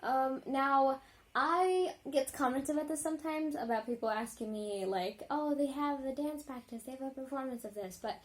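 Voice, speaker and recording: A woman vlogger reacting to music in a casual, rambling chat, full of ums and likes and quick apologies. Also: high-pitched.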